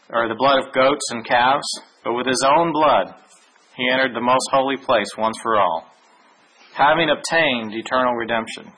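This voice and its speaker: A man giving a Bible lesson, reading verses aloud in a measured way with small restarts. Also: mid-range voice, bright, forceful tone, husky, poor audio. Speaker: Bible teacher. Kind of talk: sermon with scripture reading.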